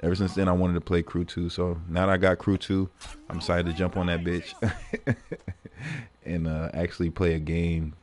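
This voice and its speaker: A man streaming games, telling stories in a profane, animated way and laughing often between lines. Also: deep voice, normal speed. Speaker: gaming livestreamer. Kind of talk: casual livestream commentary.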